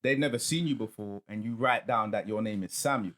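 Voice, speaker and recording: A man's voice: on the low side, fairly quick, fairly bright tone. A man hosting a podcast, explaining his views in laid-back casual chat with street slang. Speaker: podcast host.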